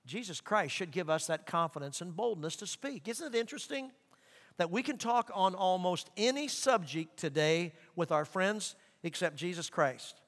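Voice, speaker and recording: A middle-aged man preaching a sermon as pastor, animated, acting out quoted voices. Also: high voice, normal speed. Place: large church sanctuary. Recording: long reverb of a large hall.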